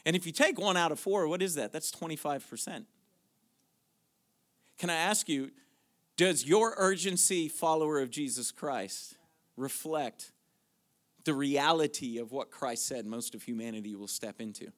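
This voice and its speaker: Male pastor, high bright voice, preaches with rising intensity into shouted declarations. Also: normal speed. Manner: preaching, building from quiet questions to shouted declarations. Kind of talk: sermon.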